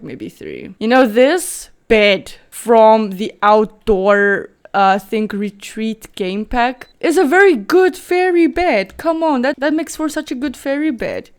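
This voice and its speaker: A woman's voice: medium pitch, smooth. A woman from South Africa, a native Afrikaans speaker with a South African accent, giving chatty, rambling gameplay commentary as a Sims YouTuber.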